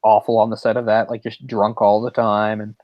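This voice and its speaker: A man's voice: fairly low pitch, level tone, fairly quick, dry recording, highs cut off. A man co-hosting a podcast, casually retelling a story with mocking impressions. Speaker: podcast co-host. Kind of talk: casual chat.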